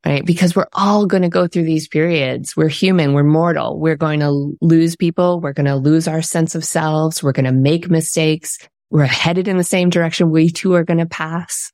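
A woman author as an interview guest, speaking calmly and earnestly in a reflective way. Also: low-pitched, moderate pace, dry recording, clean studio sound.

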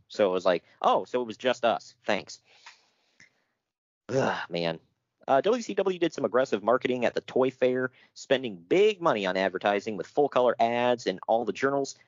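A man's voice: mid-range voice, very animated, a little fast, darkish tone, dry recording, muffled recording. A man co-hosting a casual chat, reading out notes with jokes and frequent laughter. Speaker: podcast co-host.

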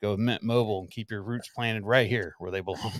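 Folksy mountain-man pitch, read by a man in his own low voice, dry close mic. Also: steady tone, quick pace, no room sound, close to an everyday voice. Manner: reads the ad text aloud with folksy wording and playful emphasis.

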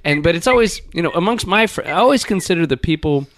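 Animated rambling man telling stories. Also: quick pace, no echo. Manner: rambling storyteller, acts out quotes in a squeaky voice. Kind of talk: casual banter.

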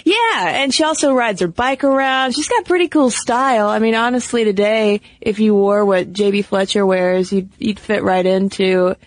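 A woman's voice: mid-range voice, moderate pace, few pauses, no echo. A woman co-hosting a podcast in a chatty, playful way, talking casually and laughing easily. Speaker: podcast co-host. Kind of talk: casual chat.

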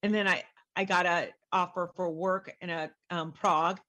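A woman's voice: on the low side, fairly even intonation, moderate pace, bright, forceful tone. A middle-aged woman, a guest author, telling her story in a casual interview and animatedly acting out the voices she quotes.

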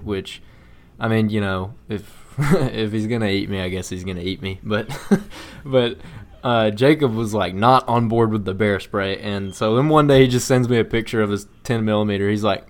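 A man's voice: on the low side, normal speed. A male podcast co-host chats casually about a hunting trip. He is easygoing and laughs often as he tells the story. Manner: easygoing, laughs often while telling stories.

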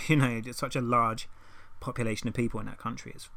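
A man co-hosting a relaxed podcast, with a very bright, sharp-edged tone at a middle pitch. He is laid-back, backs up his co-host with quick replies and swears casually. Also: gravelly. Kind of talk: casual chat.

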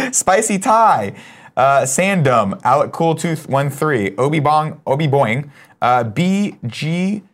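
A man hosts a morning stream and reads the chat out loud. His voice sits at an ordinary pitch, and he talks in a loose, profane, joking way. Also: animated, takes it slowly, slight background noise. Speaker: show host reading chat. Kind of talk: casual live-stream chat.

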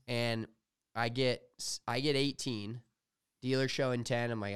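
A young man co-hosting a podcast, telling animated, profane stories in casual chat. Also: medium pitch, measured pace, smooth, dry recording, clean studio sound. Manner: animated storytelling, swears freely. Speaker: podcast co-host.

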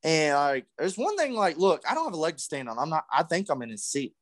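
A man's voice: on the high side, fast, dry recording, clean studio sound. A man, co-hosting a podcast, telling a story in casual chat, swearing freely and acting out what people said. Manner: animated, swears freely, acts out quotes. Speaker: podcast co-host.

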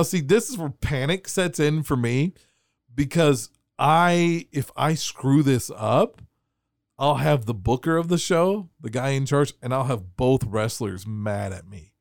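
A man telling a story on a podcast in a casual, animated way, laughing and acting out the voices of people in his anecdotes. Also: medium pitch, no echo, clean studio sound. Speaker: wrestling referee telling a story.

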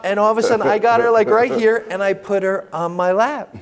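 A man telling humorous, animated parenting stories to an audience as a panel speaker. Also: high-pitched, fast. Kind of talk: storytelling talk to an audience. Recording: long hall reverb.

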